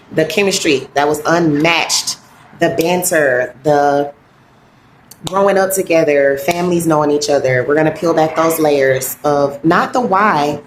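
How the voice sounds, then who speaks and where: Woman wellness coach, kinda low voice, heartfelt and halting, holding back tears, echoey room. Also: slight background noise. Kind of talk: earnest motivational talk.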